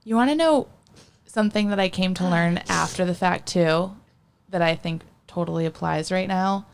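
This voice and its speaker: Young woman guest from the Midwest, gravelly fry, supportive and explanatory. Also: on the low side. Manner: supportive, explaining, with quick agreements. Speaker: podcast guest. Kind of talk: casual chat.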